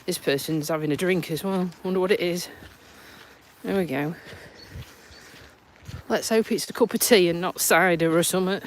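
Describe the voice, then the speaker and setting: A woman's voice: lowish voice, moderate pace, pauses often, slight background noise. A woman from Lincolnshire with a Lincolnshire accent and a stuffy nose, chatting casually on a live stream while out walking, recorded on a phone. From Lincolnshire, England. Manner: chatty and self-mocking, with frequent laughs and dialect words. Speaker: vlogger. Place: outdoors on a countryside walk.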